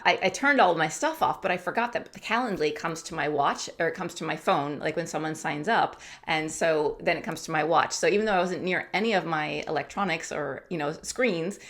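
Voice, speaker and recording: A woman in her thirties vlogging casually to camera, chatty and animated, acting out her own thoughts. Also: low voice, brisk, few pauses. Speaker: YouTube coach and vlogger. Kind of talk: casual talking-to-camera vlog.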